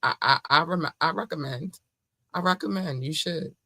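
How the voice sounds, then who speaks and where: A woman's voice: low voice, normal speed, sharp tone, dry recording. A woman hosting her podcast in a casual monologue, effusive and playful, often laughing. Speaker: podcast host.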